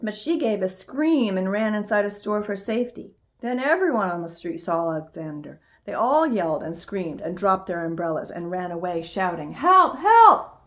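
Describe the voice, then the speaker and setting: A woman in a middle pitch reading a children's story aloud in a calm, expressive voice. She slows down on the dramatic moments and lets her voice drop at the end of phrases.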